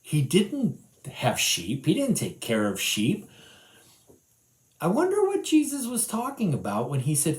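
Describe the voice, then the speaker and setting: A man teaching a children's Bible lesson, retelling the story in an animated, conversational way. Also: mid-range voice, a little slow, echoey room.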